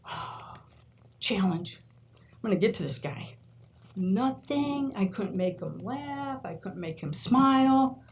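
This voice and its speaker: In a large meeting room, a New York woman who teaches college tells stories during a board meeting speech in her mid-range voice. She laughs a lot and acts out the quotes she relays, though the recording is rough.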